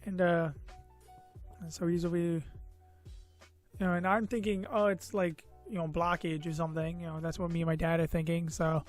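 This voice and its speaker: A man's voice: a little high, flat delivery, moderate pace. Tired, rambling young man vlogging. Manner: meandering, full of "you know" and "uh", self-mocking. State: tired and a bit loopy. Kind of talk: rambling personal story. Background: faint background music.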